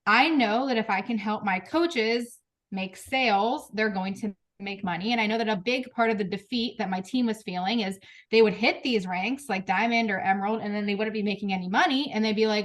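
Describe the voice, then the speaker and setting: A woman in her thirties speaking frankly and emotionally to her team on a group video call, with quick restarts and laughs. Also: medium pitch. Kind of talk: candid motivational talk.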